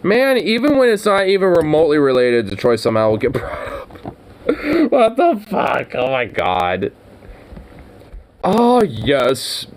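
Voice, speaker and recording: A man's voice: mid-range voice, big pitch swings, moderate pace, a little hiss or hum. Sex: man. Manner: sarcastic, swearing, laughing. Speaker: streamer. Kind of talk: casual live-stream chat.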